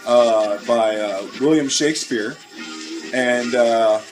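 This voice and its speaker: A man's voice: medium pitch, takes it slowly, music in the background. A man hosting a comedy sketch show, rambling and joking in a mock-pompous manner.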